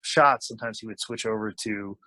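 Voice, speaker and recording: A man's voice: fairly low pitch, fairly quick, no room sound, poor audio. A man telling a long anecdote as an interview guest, acting out the people he quotes. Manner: animated, acts out quoted lines. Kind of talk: casual storytelling.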